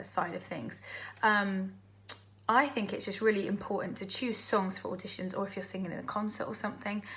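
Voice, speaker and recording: A woman's voice: mid-range voice, a bit bright. A woman, a professional singer and actress, sharing friendly, thoughtful tips on choosing audition songs. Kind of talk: advice talk to camera.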